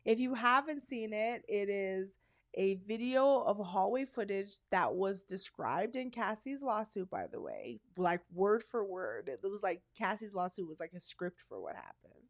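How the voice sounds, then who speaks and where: A woman from Canada co-hosting a podcast, telling stories in a candid, animated, casual way. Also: medium pitch, measured pace. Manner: candid, animated storyteller who slips into voices. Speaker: podcast co-host. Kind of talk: casual chat.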